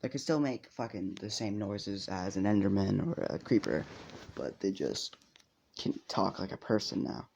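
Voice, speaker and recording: A man's voice: low voice, normal speed, gravelly, darkish tone, a little hiss or hum. A man casually telling a fan story, rambling with lots of fillers and swearing.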